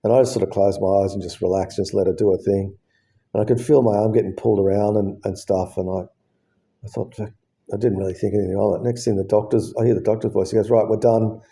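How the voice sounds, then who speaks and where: Casting: man, 50s, deep and mellow, plain-spoken, swears a lot, replays conversations. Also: fairly even intonation, fast. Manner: blunt, swears freely, acts out both sides of conversations. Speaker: patient telling his story. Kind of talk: casual storytelling.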